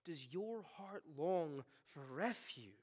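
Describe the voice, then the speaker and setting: A man preaching a sermon, swinging from hushed, slow tones to stern, rising commands. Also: on the high side, lively intonation, breathy edge. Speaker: pastor.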